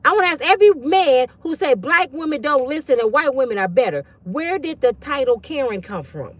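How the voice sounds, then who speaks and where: A woman's voice: sits high, animated, brisk. Fiery, profane woman ranting. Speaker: online commentator. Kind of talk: casual livestream rant. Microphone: phone.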